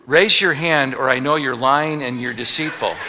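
A pastor preaches a sermon in a bright, forceful, mid-range voice at a normal speed, joking with the congregation and doing little voices for the people he quotes. The recording carries the long reverb of a large hall.

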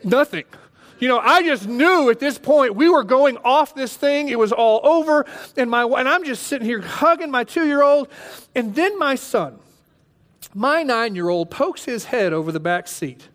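A man in his thirties preaching, telling a story with lively, animated delivery and acting out his own panic. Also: extremely high pitch, moderate pace. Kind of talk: sermon storytelling.

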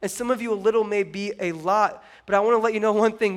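Man, young, pastor, sermon, high voice, animated, acting out little scenes. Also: quick pace, hardly any pauses. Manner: animated, playful asides and acted-out voices.

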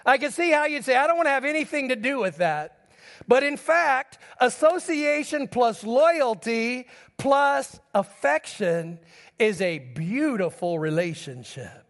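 A middle-aged man with a notably high voice preaches to his congregation, telling stories from his own life. His words ring out with a long reverb in a large church hall. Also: expressive, unhurried, fairly bright tone. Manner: storytelling preacher addressing the congregation directly. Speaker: pastor. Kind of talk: sermon.

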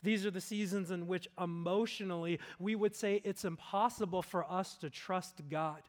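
A man preaching a sermon as a pastor, earnest, swelling to emphatic peaks and then dropping low and slow for solemn points. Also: fairly even intonation.

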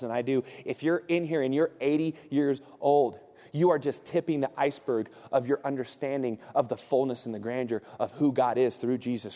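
Man, 40s, pastor, sermon, animated and joking, slightly high voice, reverberant hall. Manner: animated, joking, acting out quotes. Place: church auditorium.

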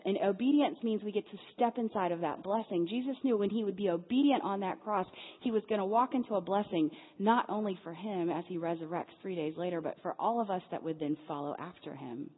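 A woman's voice: mid-range voice, fairly quick, hardly any pauses, breathy edge. Woman preaching in an echoing hall. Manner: lively storyteller acting out dialogue. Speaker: speaker at a church Lent series. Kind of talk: storytelling sermon. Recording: phone-like sound in a big reverberant hall.

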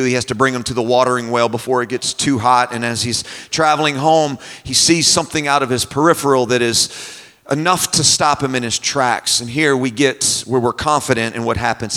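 A man preaching at a conference, retelling a story in vivid, unhurried detail, in a hall with long reverb. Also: mid-range voice, bright, forceful tone. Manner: imaginative, descriptive, unhurried.

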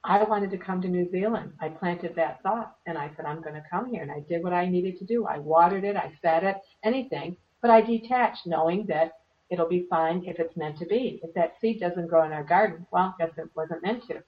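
A woman teaching meditation in an earnest, conversational way, slightly hoarse from losing her voice. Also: lowish voice, moderate pace. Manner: earnest, plays out little voices in quotes. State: losing her voice, clearing throat. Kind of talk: relaxed conversational advice. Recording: distant, dull lo-fi sound.

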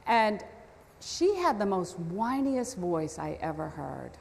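A woman's voice: fairly low pitch, sing-song, takes it slowly, gravelly, darkish tone, slight background noise. A woman preaching a storytelling sermon, talking conversationally with self-deprecating asides. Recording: long hall reverb.

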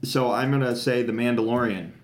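A man's voice: medium pitch, fairly even intonation, a little fast, roomy sound. A man co-hosting a podcast, chatting casually and enthusiastically, rambling with lots of fillers. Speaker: podcast co-host. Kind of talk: casual chat.

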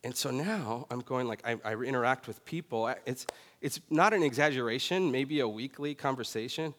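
A man preaching a sermon in a relaxed, conversational way, often checking in with "right?". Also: mid-range voice, normal speed. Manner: conversational, self-deprecating, often says "right?". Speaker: pastor. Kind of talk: sermon with personal story. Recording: long reverb of a large hall.

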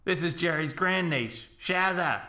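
A man reading aloud, voicing a loud, cheery male publican with a booming voice. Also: a little slow. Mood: hearty. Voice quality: booming across-the-room voice.

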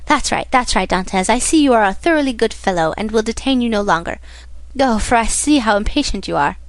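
A kindly, fatherly older shipowner who speaks with gentle encouragement, as a woman reads him. The pitch is fairly high and the sound is dry, with no room echo. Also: animated, a little fast.

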